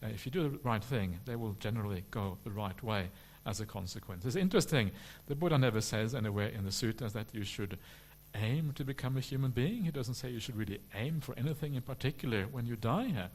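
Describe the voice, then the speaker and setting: Relaxed monk answering questions. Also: male voice, medium pitch, a little fast, hardly any pauses. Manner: relaxed and humorous, frequent "uh" fillers. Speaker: Buddhist monk teacher. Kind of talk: dharma talk question and answer.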